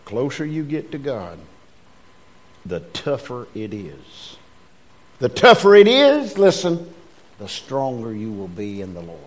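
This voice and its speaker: A man's voice: lowish voice, sing-song, unhurried, warm tone. A man preaching a sermon in a church, calling on the congregation to respond. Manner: emphatic, calls on the congregation to respond. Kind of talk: sermon with scripture reading.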